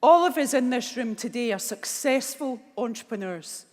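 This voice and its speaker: A woman with a Glaswegian accent gives a keynote in a large hall, and her voice carries a long reverb. She speaks in a somewhat high register. Her delivery is candid and emotional, like someone telling a hard personal story to a crowd. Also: expressive, normal speed, a little mellow. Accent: Scottish, Glaswegian. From Scotland. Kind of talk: motivational speech.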